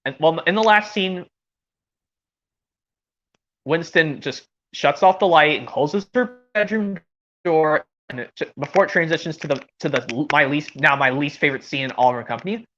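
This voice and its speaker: A woman's voice: sits low, normal speed, a bit bright. A woman chatting casually and rambling with enthusiasm between voice impressions. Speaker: streamer doing voice impressions. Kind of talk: casual chat. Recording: dull lo-fi audio.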